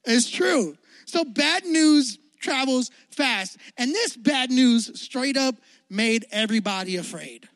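A man's voice: very high-pitched, animated, slow pace, fairly bright tone, no room sound. A young man giving a youth sermon in a playful, slangy, joking way, acting out the Bible story. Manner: playful, jokey, slangy, acts out quotes. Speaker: youth pastor.

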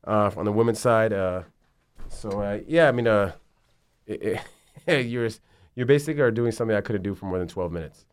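Smooth low-voiced man telling stories. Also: a little fast, no echo. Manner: rambling, profane, animated storytelling. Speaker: basketball agent guest. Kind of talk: casual interview chat.

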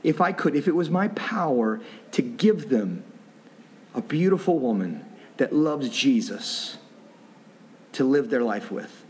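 A middle-aged pastor delivers a sermon conversationally, interrupting himself to restart and tossing in joking asides. His mid-range voice is a little slow and mellow with big pitch swings, over slight background noise.

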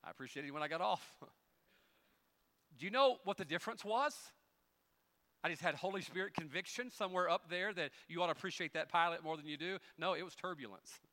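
A male pastor preaching a sermon, moving from quiet folksy storytelling with humorous asides to loud, rising emphasis. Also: fairly high pitch, fairly quick.

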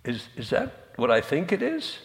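A man voicing a curious, nosy male fly in a spoken joke, asking high, wondering questions. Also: wildly swooping pitch, normal speed, vocal fry. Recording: long hall reverb.

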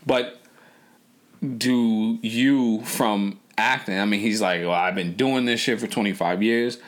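A man's voice: fairly low pitch, takes it slowly. A man co-hosting a casual podcast chat, rambling and profane, full of fillers and restarts. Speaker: podcast co-host.

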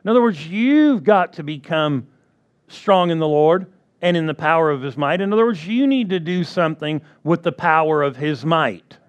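Man preaching, high voice, emphatic, repeats key phrases, asks for agreement. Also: expressive, moderate pace. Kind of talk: sermon.

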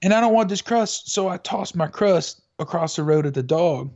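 A man's voice: high-pitched, animated, normal speed, a little mellow. A man chatting casually as a podcast co-host, telling a rambling story full of fillers and restarts. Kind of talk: casual chat. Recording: dull lo-fi audio.

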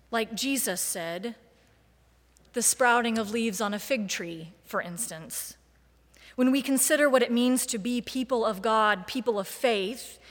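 A woman preacher giving a sermon, with a measured, deliberate delivery and emphatic lists. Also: a little high, fairly bright tone, big-room sound.

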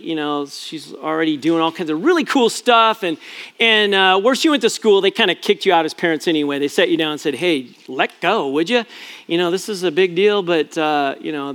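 A middle-aged pastor tells a family story from the pulpit in an easygoing, rambling way. His voice sits fairly high for a man. He keeps restarting his sentences and poking gentle fun at himself. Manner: chatty and self-deprecating, many fillers and restarts. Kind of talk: storytelling sermon.

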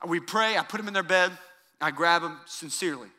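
Male pastor, 30s, high bright tenor, sermon delivery, big reverberant auditorium. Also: fairly quick. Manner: emphatic, repeats key lines, swings from loud to soft.

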